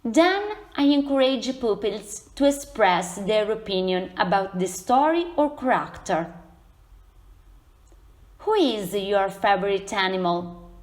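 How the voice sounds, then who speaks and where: A young woman with an Italian accent reads a children's story aloud for an English lesson. She speaks very slowly and deliberately, in a careful sing-song storytelling manner that suits young pupils. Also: mid-range voice, lively intonation. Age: young adult. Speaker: trainee primary teacher. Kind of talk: reading a picture book aloud for a lesson.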